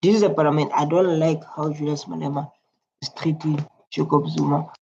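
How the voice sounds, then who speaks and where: A man with a South African accent giving casual, chatty reaction commentary, repeating himself and filling pauses with "like". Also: a little high, steady tone, creaky, dark tone, a little hiss or hum. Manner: chatty, repetitive, filler-heavy. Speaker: YouTube reactor. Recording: lo-fi muffled home recording.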